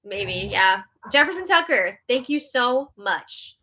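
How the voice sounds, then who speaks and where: A woman hosting a live reality-show recap, animated and exasperated as she reads out viewer comments. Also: fairly high pitch, slow, slight background noise. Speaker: host.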